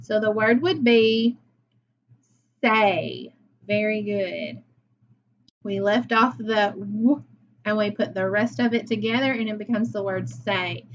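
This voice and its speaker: A woman's voice: mid-range voice, takes it slowly, long pauses, highs cut off, a little hiss or hum. A woman teacher leading a phonics lesson for young children, patient and praising as she sounds words out.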